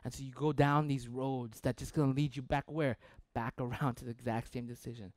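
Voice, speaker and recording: A young man preaching a sermon as pastor, animated and playful, acting out the voices of people he quotes. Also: mid-range voice, fairly quick, no room sound.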